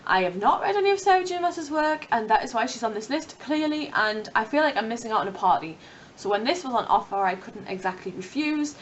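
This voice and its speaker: A woman's voice: on the high side, lively intonation, brisk, recorded from a distance, slight background noise, low-quality recording. A young woman chatting casually to camera about books, rambling and playful. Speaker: book vlogger.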